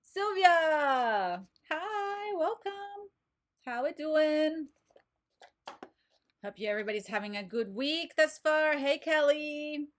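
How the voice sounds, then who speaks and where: A woman's voice: high voice, big pitch swings, slow. A woman in her thirties hosting a casual live stream as a card reader, bubbly and chatty, greeting viewers by name from her home desk. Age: 30s. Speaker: livestream host and oracle card reader.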